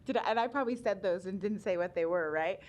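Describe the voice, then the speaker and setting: A woman's voice: mid-range voice, fast talker, darkish tone. A woman giving a chatty talk on special education law at a public meeting, laughing often and using many ums.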